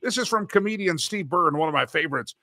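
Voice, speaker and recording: A man hosts a talk show in a casual, joking way with a sarcastic streak. His voice is bright and sits a little high. The sound is dry and close to the mic. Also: expressive, quick pace, no room sound. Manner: playful and sarcastic.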